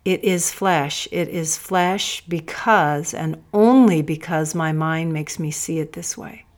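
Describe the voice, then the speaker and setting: A woman reading the lines of a grieving man who lost his wife and daughter. He speaks in an earnest, searching and halting way. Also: fairly low pitch. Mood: wondering.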